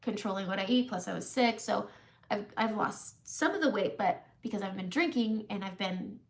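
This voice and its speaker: During a makeup live stream, a woman in her forties tells a long, funny story, frequently laughing at herself in a chatty, self-mocking way. Her voice is medium-pitched at a normal speed.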